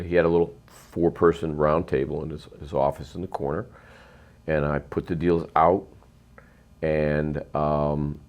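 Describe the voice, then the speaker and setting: A man's voice: low-pitched, darkish tone. A middle-aged man, a real estate investor, telling long rambling stories in an interview, emphatic and full of ums and uhs. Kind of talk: storytelling interview.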